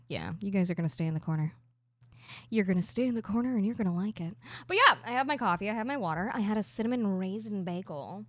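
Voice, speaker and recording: A young adult woman streaming a game, chatting playfully and reading chat aloud, sometimes softening into a quiet mock accent. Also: mid-range voice, no room sound. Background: game music playing.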